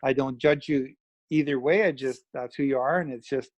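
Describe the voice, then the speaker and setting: A man's voice: medium pitch, moderate pace, dry recording, dull audio. A man from Canada co-hosting a casual chat in an easygoing, reflective way. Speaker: podcast co-host.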